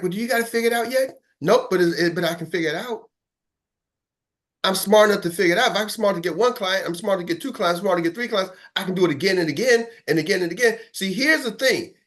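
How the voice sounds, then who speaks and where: A man's voice: sits high, fairly bright tone. A man coaching in a motivational talk, streetwise and emphatic, repeating phrases for rhythm. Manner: acts out phone calls. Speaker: business coach.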